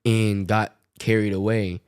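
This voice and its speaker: A young man telling a story casually on a podcast, animated and quoting voices as he goes. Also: on the low side, unhurried, clear, resonant tone, dry recording, studio quality. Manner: animated, tells stories with quoted voices.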